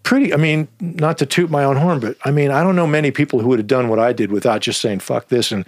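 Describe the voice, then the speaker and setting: A man with a mid-range voice tells a story with lively, profane energy, often breaking off into side comments and self-corrections. The sound is close and dry, with almost no room around it. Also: medium pitch, quick pace, no echo. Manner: animated, profane, digressive. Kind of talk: casual storytelling.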